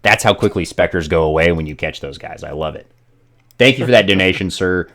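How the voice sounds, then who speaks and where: A man's voice: low-pitched, lively intonation, brisk, a bit bright. A man hosting a casual gaming live stream, joking and rambling with lots of fillers.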